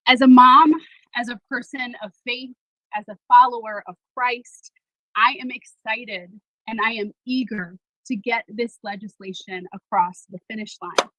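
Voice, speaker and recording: Bright-voiced woman giving a rousing rally speech. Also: fairly high pitch, steady tone, measured pace, no echo, rough recording. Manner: warm, assured and rousing, with faith references. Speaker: speaker at a political rally.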